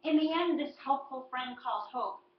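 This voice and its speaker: Woman teacher, fairly high voice, deliberate model presentation, distant dull recording. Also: reverberant. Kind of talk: model student presentation on a poem.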